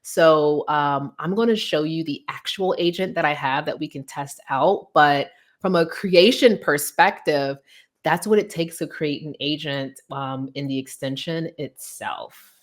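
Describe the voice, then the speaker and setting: A young woman giving a casual software demo, chatty and loose, with plenty of fillers as she walks through the steps. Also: deep voice, a little slow. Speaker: guest presenter demoing software. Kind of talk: casual tech demo chat.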